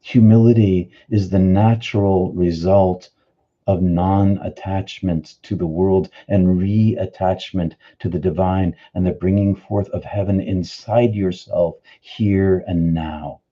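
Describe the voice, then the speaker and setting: Deep, dark-voiced man giving a spiritual talk. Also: steady tone, slow pace, highs cut off. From Boston area. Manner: earnest, reflective, answers chat comments by name. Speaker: spiritual teacher hosting a live stream. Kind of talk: live-streamed spiritual teaching, reading viewer comments. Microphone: studio microphone.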